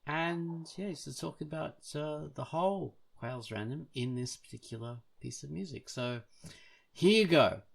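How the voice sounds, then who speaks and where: A man's voice: a little high, lively intonation, normal speed, gravelly. A man hosting a podcast in a playful, casual way, sometimes slipping into a sing-song voice. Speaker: podcast host.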